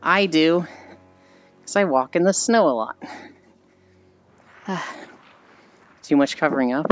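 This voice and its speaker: A streamer rambles through stories in a loose, chatty way, sighing often and sounding tired and sweaty from walking. The voice sits in a middling pitch. The stream audio is a bit dull, with faint music underneath. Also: takes it slowly, long pauses. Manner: chatty storyteller with frequent tired sighs. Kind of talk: casual rambling chat while walking on stream.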